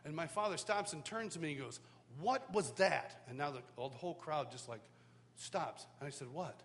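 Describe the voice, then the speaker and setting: This worship teacher from the US speaks quickly and expressively, his voice a little high and a bit bright. He's telling his personal testimony at a live worship school, conversational and story-like, frequently starting over. Long reverb from the large hall and a faint hum come through in the recording.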